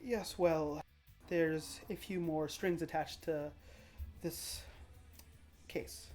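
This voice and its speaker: A woman voicing a polished, scheming vampire clan leader who speaks in a smooth, measured way. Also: sits low, fairly even intonation, darkish tone, faint music behind.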